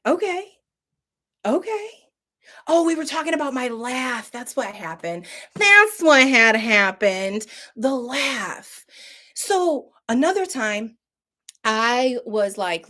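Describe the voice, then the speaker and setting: A woman telling funny stories in a casual monologue, animated and laughing often as she acts out the voices of others. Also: on the high side. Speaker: vlogger.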